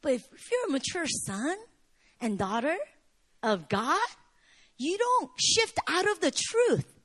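A woman in her thirties delivers a sermon with a high voice. Her pitch moves widely from phrase to phrase. She swings between emphatic, near-shouted lines and quiet, low asides. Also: big pitch swings, slow. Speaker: pastor.

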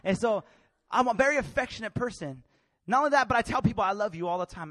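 A young man from a Mexican family, preaching a sermon with passion, swinging from loud declarations to hushed, tender passages. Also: high voice, lively intonation, fast, dry recording, clean studio sound.

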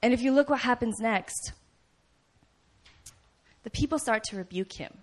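A woman preaching a sermon, telling the story in a lively, conversational way, often asking "right?" and acting out shouts. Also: fairly high pitch, normal speed. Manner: animated storytelling, acts out voices and shouts; conversational, frequent "right?" asides.

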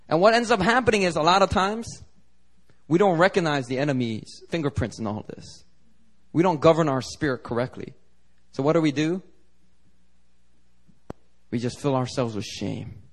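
A male pastor delivers a sermon in an animated storytelling manner. He slips into the voices of the people he describes, and his voice sits a little high. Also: normal speed, long pauses.

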